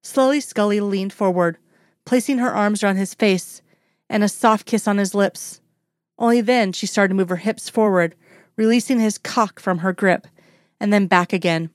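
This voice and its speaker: A woman reading a romance story aloud in a steady, even storytelling voice. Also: mid-range voice, normal speed, no room sound, studio quality. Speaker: narrator.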